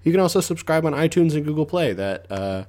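A man co-hosting a casual movie review podcast, talking in a relaxed, thoughtful way with the odd swear. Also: a little high, fairly quick. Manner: relaxed, thoughtful, lightly profane. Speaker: podcast co-host.

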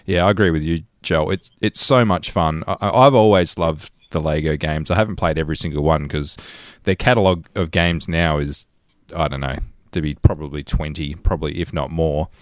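A man's voice: a bass voice, fairly quick, dry recording, studio quality. A man co-hosting a casual gaming podcast, easygoing and agreeable. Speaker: podcast co-host. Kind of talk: casual chat.

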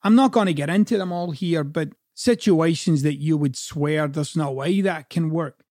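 A man's voice: on the high side, normal speed, a little mellow, no room sound, studio quality. A man from Scotland with a Scottish accent, a coach giving a blunt, profane, conversational motivational talk.

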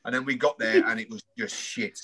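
A man's voice: medium pitch, fairly even intonation, a little fast, a bit bright, slightly rough. A man hosting a casual football podcast, rambling and chuckling through his stories. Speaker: podcast host. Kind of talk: casual chat.

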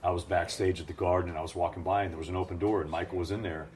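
A man who works as a ring announcer, telling stories in a lively, animated way during a casual interview. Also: low voice, very fast, a little hiss or hum. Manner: animated storyteller, acts out voices.

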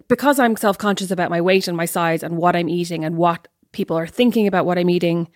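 A woman co-hosting a podcast, chatting casually in an animated, rambling, self-deprecating way. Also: on the low side, no echo, clean studio sound. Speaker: podcast co-host.

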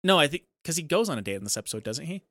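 A man's voice: on the high side, big pitch swings, racing, bright, forceful tone, dry recording. A young man co-hosting a podcast, agreeable and chiming in with frequent yeahs as he retells a TV episode. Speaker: podcast co-host. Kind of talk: casual chat recapping a TV show.

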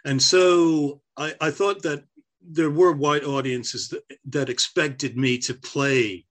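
An older man who used to do stand-up comedy gives a reflective oral history interview, often restarting his sentences. Half American, he grew up on air force bases. His voice is a little high, steady, slow, and fairly bright.

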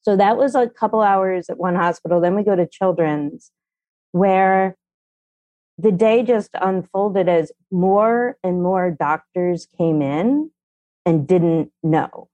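Candid, blunt middle-aged mother, low-pitched. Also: slow pace, no room sound. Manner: animated, blunt, swears casually. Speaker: parenting columnist guest, mother. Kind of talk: candid storytelling. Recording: dull, dry sound.

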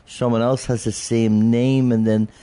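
A man's voice: medium pitch, little pitch movement, unhurried, warm tone. A man, a comedian guest on a casual podcast, playful and rambling as he spins stories.

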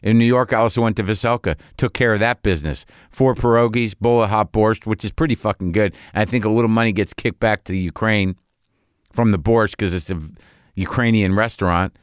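A man's voice: on the low side, brisk, smooth, no room sound, clean studio sound. A middle-aged man hosting a podcast, talking through a rambling, profane casual monologue full of restarts and trailing thoughts. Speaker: podcast host.

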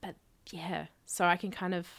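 A woman's voice: on the low side, moderate pace, gravelly. Casual, swearing woman co-host. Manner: animated storytelling, swears freely. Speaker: podcast co-host. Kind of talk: casual chat.

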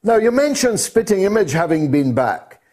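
A man's voice: sits high, sing-song, moderate pace, darkish tone. A man hosting a casual interview, setting up questions for his guest. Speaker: interview host.

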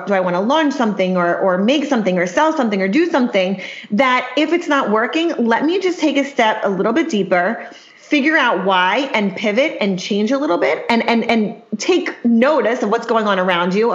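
A woman's voice: on the high side, roomy sound, muffled recording. A woman chatting as an interview guest about her business, bubbly and full of "like". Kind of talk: casual interview chat. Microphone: video call.

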